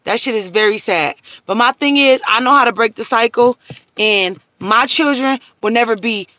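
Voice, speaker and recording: A woman's voice: fairly high pitch, moderate pace, sharp tone, no room sound, muffled recording. A woman, hosting a live stream and ranting profanely at her viewers. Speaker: livestream host.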